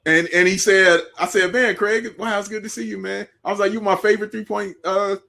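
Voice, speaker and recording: A man from Chicago, co-host of a sports show, telling animated stories in casual chat and acting out what people said. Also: high-pitched, brisk, vocal fry. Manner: animated storyteller, acts out quotes, laughs often.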